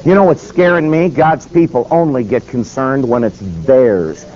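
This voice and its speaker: A man preaching, telling a story and acting out the quotes. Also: moderate pace. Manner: animated, acts out quotes with shifting pitch. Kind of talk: sermon storytelling. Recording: slightly dull recording with faint noise.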